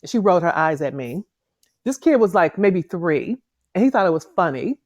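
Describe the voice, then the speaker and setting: A woman's voice: on the low side, very animated, normal speed, no room sound, studio quality. Hesitant middle-aged woman telling a story. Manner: hesitant storytelling with many fillers. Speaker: podcast co-host. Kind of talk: casual chat.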